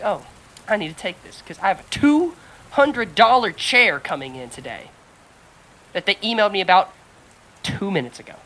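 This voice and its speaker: A woman co-hosting a podcast, telling a story in casual chat, animated and swearing a lot while acting out what others said. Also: fairly high pitch, poor audio. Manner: animated storyteller, heavy swearing, acts out quotes. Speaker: podcast co-host.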